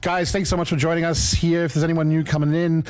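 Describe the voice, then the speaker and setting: Relaxed man hosting a livestream. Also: a little high, quick pace. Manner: relaxed, thinking aloud with restarts. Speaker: livestream host. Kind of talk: casual livestream chat.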